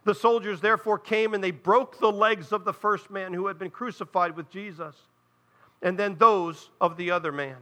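A man preaching in an earnest, explanatory way, often turning to his congregation with direct asides. His voice sits high for a man and rings very bright and sharp. He sounds like a pastor in the pulpit. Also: steady tone, normal speed. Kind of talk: sermon.

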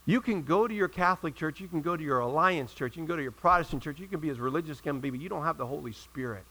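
A male pastor preaching a sermon in a church, telling a story and rising to loud emphatic peaks before dropping to quiet asides. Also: a little high, lively intonation, rapid-fire, low-quality recording.

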